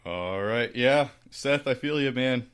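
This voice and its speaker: A man's voice: medium pitch, animated, slow pace, a bit bright, clear, resonant tone. A man co-hosting a sports talk show in a laid-back, conversational way.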